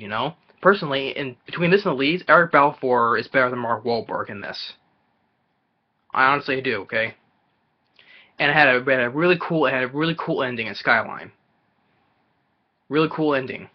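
A man ranting in a movie trailer reaction video. He stumbles, restarts and repeats himself in exasperation. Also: on the high side. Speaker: movie reviewer vlogger. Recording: dull lo-fi recording.

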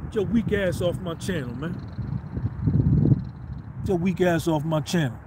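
A man's voice: a little high, normal speed, very noisy. A man hosting a podcast, delivering a blunt, confrontational, slangy rant. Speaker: podcast host. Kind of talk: ranting monologue.

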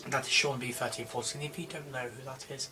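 A young man talks his way through a game in a low-key, grumbling mutter. He sounds a bit distant from the microphone. Music plays clearly under his voice. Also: steady tone, fairly quick. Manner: muttering, unenthusiastic, grumbling to himself. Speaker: gaming video creator. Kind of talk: casual gameplay commentary. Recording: distant mic with music behind.

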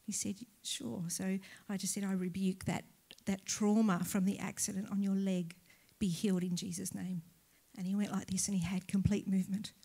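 Aussie lady pastor, middle-aged, telling a church story live, acts out all the back-and-forth, mid-pitched, laughs a lot. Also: fairly quick, few pauses, breathy edge. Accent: Australian. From Australia. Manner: animated storyteller, acts out dialogue, laughs often.

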